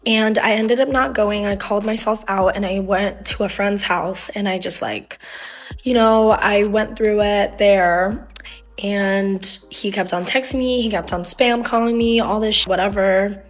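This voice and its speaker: A woman's voice: medium pitch, steady tone, a little slow. A young woman telling a personal story in a casual, rambling way, dropping "like" constantly as she relives the drama. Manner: rambling, heavy use of "like", emotional retelling.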